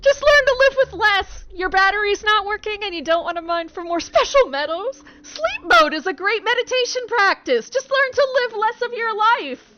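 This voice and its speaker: A woman's voice: very high-pitched, expressive, normal speed, few pauses, slight background noise, pitched above the performer's own voice. A woman voicing a smug robot sage who preaches frugal living in a lofty, mocking tone. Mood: preachy. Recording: dull lo-fi sound.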